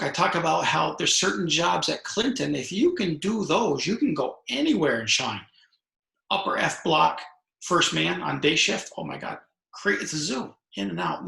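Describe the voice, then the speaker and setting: A man's voice: fairly high pitch, lively intonation, moderate pace, creaky, pushed and bright. A middle-aged man, a retired prison officer and author, answering questions in an interview. He tells his stories in a chatty way, acting out the dialogue and restarting his sentences often. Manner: storytelling, acts out dialogue, many restarts. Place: home room over video call. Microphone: video call. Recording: echoey video call room.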